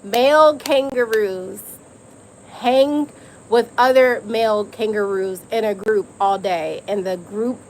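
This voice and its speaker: A woman's voice: medium pitch, unhurried, a little mellow, a little hiss or hum, low-quality recording. A young adult woman hosting a live stream, telling stories in a candid, emphatic way with slang and profanity. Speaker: host. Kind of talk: casual live-stream chat.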